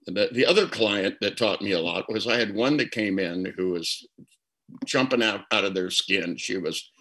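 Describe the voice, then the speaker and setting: This low-quality recording captures an older man with a fairly low, bright, forceful voice at normal speed. Appearing as a guest therapist, he answers interview questions with reflective stories, often repeating words as a thought begins.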